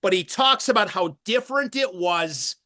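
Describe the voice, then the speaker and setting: A man's voice: sits high, animated, moderate pace, bright, forceful tone. Enthusiastic man hosting an interview. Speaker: podcast host and wrestling broadcaster. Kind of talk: interview questions.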